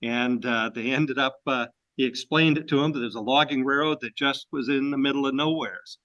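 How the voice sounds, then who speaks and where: A man from Maine tells a story-filled history talk to a club audience. His delivery is folksy and unhurried, full of fillers and restarts. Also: medium pitch, a bit bright, lo-fi sound. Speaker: presenter at a railroad club.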